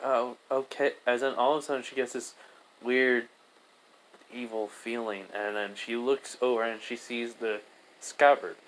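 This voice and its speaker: A man's voice: mid-range voice, fairly even intonation, normal speed, a bit bright, a little hiss or hum, low-quality recording. A young man narrates a fan-made story off the cuff. He stumbles, restarts and corrects himself as he goes. His voice sits in a plain middle register. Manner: rambling and hesitant, many fillers and self-corrections. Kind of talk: improvised fan-fiction retelling.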